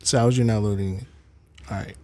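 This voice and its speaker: A man's voice: fairly low pitch, steady tone, moderate pace, warm tone, dry recording. A man hosting a casual livestream, goofy and rambling, who repeats bits and slips into mock accents. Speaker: livestream host.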